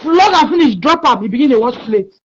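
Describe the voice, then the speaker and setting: A woman's voice: high voice, lively intonation, brisk, a little hiss or hum. A Nigerian woman giving passionate opinion talk, scolding and emphatic, with pidgin phrases mixed in, on a muffled lo-fi recording.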